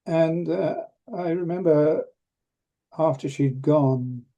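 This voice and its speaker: A man's voice: on the high side, slow, dark tone, muffled recording. An older man from England, telling a story as an interview guest, hesitant with many restarts and a dry humor. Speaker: interview guest, retired professor of rheumatology. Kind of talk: reflective storytelling.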